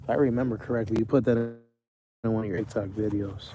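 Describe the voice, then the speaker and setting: Parked in his truck, a young livestreamer chats through viewer comments in a lowish, steady voice, talking a little fast. He's rambling and chatty and keeps correcting himself. There's noise in the background.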